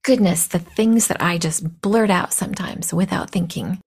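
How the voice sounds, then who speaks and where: A woman's voice: on the low side, normal speed, gravelly, darkish tone, breathy edge. A woman in her fifties hosting a podcast, telling a personal story in a blunt, candid way, her voice scratchy from a cold. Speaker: podcast host.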